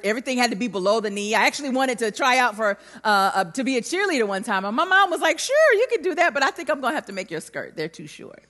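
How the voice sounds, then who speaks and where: A woman preaching a sermon in a large hall, telling a personal story with animated emphasis. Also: on the high side. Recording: long hall reverb.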